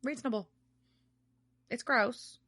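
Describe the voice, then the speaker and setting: A woman hosting a podcast, recapping a TV episode in casual chat, animated and swearing freely. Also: a little high, slow pace, no echo, studio quality. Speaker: podcast host.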